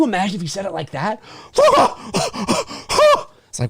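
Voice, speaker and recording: Lively, rambling man hosting a fan Q&A. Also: high voice, unhurried, no echo. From Canada. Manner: rambling, laughs often, hams up movie quotes. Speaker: host answering viewer questions. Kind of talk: casual live-stream Q&A chat.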